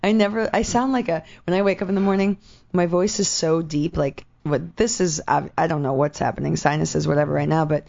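A woman co-hosting a radio show in casual chat, hoarse and raspy today, talking freely with lots of "like". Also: sits low, fairly even intonation, a little mellow, highs cut off. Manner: chatty, lots of "like", quick asides.

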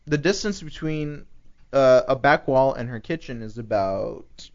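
A man's voice: mid-range voice, expressive, unhurried, gravelly. Man telling travel stories, casual chat. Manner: storytelling, stammers on restarts, laughs often. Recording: slightly dull lo-fi recording.

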